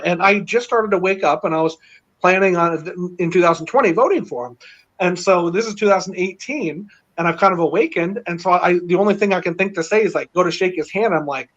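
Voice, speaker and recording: A middle-aged man telling a long story in casual chat, rambling and excited, with many fillers. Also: high voice, brisk. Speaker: panel guest. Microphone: video call. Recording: dull lo-fi online call audio.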